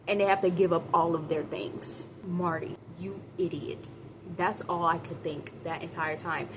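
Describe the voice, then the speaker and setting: Animated woman reviewing a movie. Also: on the low side, noisy background. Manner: animated, acts out characters' lines in quick voices; chatty, addresses viewers as y'all. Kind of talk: casual movie review vlog.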